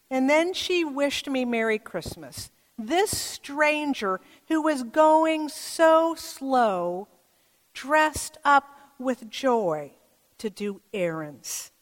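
A woman pastor giving a sermon in a church, telling stories in a gentle, measured way. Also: sits high, animated. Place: church sanctuary. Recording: long church reverb.

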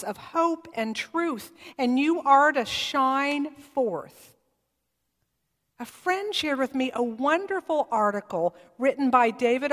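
Woman pastor, high voice, slow deliberate sermon delivery, echoing sanctuary. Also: fairly bright tone. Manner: measured preaching with emphatic repetition. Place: church sanctuary.

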